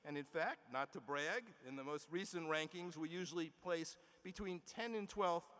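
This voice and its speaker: A man delivering a formal commencement address from a podium in a large indoor arena, measured and emphatic, with small restarts and asides. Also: fairly high pitch, a bit bright. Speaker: university leader giving commencement address. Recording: long arena reverb.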